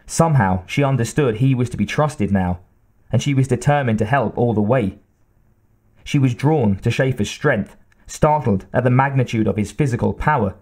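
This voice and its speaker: A man's voice: medium pitch, moderate pace, a little mellow. Man narrating an audiobook steadily. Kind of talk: scripted narration.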